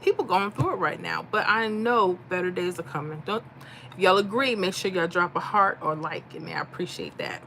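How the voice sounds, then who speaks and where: A woman's voice: on the low side, bright, forceful tone, a little hiss or hum. A middle-aged woman from Florida, chatting casually on a livestream and reading out viewer comments. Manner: chatty, reads comments aloud, folksy. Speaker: livestream host.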